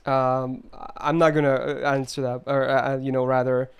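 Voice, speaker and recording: A man's voice: mid-range voice, flat delivery, normal speed, creaky, smooth, faint music behind. A man streaming a game live, ranting emphatically and answering his chat.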